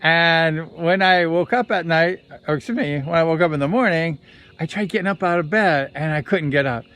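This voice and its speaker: A man's voice: on the high side, normal speed, a bit bright, smooth. A man and former motorcycle racer telling a story in a rambling, conversational way, sometimes correcting himself. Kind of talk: casual storytelling vlog.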